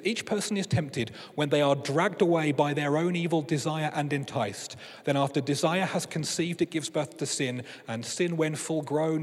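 Preacher guy telling a funny story then getting earnest, slightly husky, big echoey hall. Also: mid-range voice. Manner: animated storyteller turning earnest and quiet. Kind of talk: sermon with comic storytelling.

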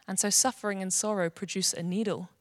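Woman Bible teacher, earnest and gentle, close and dry sound. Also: medium pitch, fairly even intonation, fairly quick, no room sound. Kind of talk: devotional teaching.

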